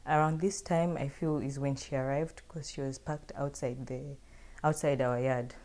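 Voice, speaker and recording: Low-voiced woman telling a story. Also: fairly even intonation, normal speed, a little mellow. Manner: chatty, filler-heavy, addresses viewers directly. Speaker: vlogger telling a personal story. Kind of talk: casual storytime.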